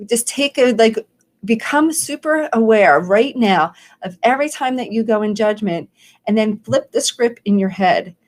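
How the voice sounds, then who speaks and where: A woman's voice: fairly high pitch, lively intonation, normal speed. A woman life coach talking on a live stream, encouraging and rambling a little, acting out the questions she wants viewers to ask themselves. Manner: encouraging, rambling with restarts and quoted self-questions. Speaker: life coach hosting a daily challenge.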